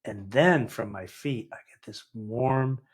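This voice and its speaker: A man in his sixties, a guest entrepreneur, tells life stories in a lively conversational way and acts out the dialogue. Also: medium pitch, takes it slowly, husky. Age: 60s. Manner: animated anecdotal, acts out quoted dialogue. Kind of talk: conversational storytelling.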